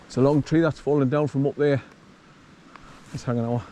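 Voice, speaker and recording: Geordie man, middle-aged, mellow voice, rambling outdoor vlog, faint noise behind. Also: mid-range voice, fairly even intonation, a little fast. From northeast England. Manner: chatty, rambling, talks to his dog. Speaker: vlogger. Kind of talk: casual walking vlog. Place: outdoors on a country path.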